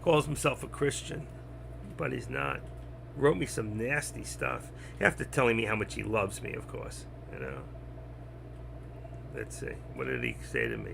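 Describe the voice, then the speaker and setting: An older man talking bluntly and rambling on a trading live stream, getting louder as he teaches. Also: medium pitch, expressive, moderate pace, vocal fry, slight background noise. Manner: blunt, rambling, gets loud when teaching. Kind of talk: casual live-stream talk.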